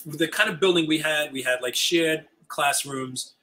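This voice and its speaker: Older man, bright, somewhat high voice, animated storyteller acting out dialogue, interview guest. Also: measured pace, poor audio. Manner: animated, acts out quoted dialogue. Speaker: guest, retiring high school teacher. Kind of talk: storytelling chat.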